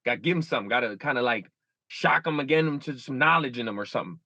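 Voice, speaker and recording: A man's voice: fast talker, no echo. A man in his thirties, a guest in a candid interview, talking animatedly and acting out his own inner dialogue. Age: 30s. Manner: animated, acts out inner dialogue with shifting pitch.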